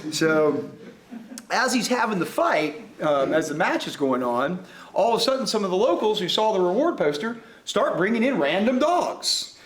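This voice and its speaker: A man on a discussion panel retells a story and reads passages aloud. He chuckles between readings and speaks high and lively. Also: normal speed.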